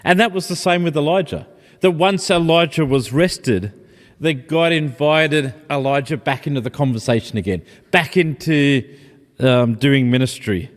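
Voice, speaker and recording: A man preaching a sermon in a gentle, reflective, personal way. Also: a little high, normal speed. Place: church. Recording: long church reverb.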